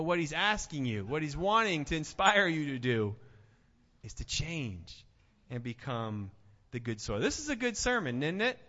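A man's voice: medium pitch, fairly bright tone. A man preaching a sermon with energy, firing rhetorical questions and repeating words. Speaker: pastor. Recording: echoey hall, dull lo-fi sound.

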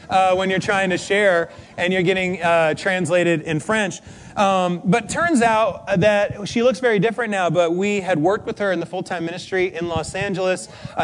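A man pastor delivering a chatty, animated sermon in church, telling stories with casual fillers. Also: high voice, slight background noise.

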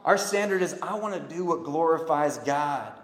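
A man preaching a sermon, swinging from loud emphatic calls to quiet earnest pleas. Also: on the high side, expressive, normal speed. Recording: echoey hall.

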